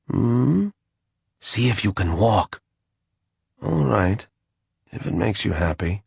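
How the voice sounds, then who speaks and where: A man voicing a weak, worn-out captive assassin who answers with dry, deadpan irony. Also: low voice, creaky, breathy edge, no room sound, full character voice. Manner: wry, deadpan understatement. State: weak and drained. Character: weary captive male assassin, dry and sardonic.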